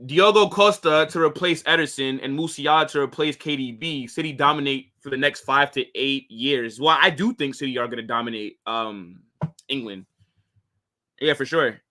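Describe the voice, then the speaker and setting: A man's voice: medium pitch, moderate pace, pushed and bright. A young American man hosting a casual football live stream, reading viewer comments and answering in slangy talk full of "bro" and "like". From United States. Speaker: football channel host.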